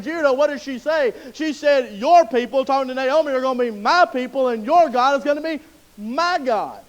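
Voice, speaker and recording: A man preaching a sermon in a church, folksy and conversational, rising to loud emotional pleading. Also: extremely high pitch, moderate pace, rough recording. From Southern US. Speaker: pastor. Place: church sanctuary.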